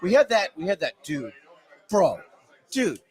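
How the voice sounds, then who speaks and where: A man chatting as a guest on a cigar show, telling animated stories and repeating his words. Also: high-pitched, measured pace, a loud crowd. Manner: animated storyteller, repeats himself. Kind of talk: casual chat.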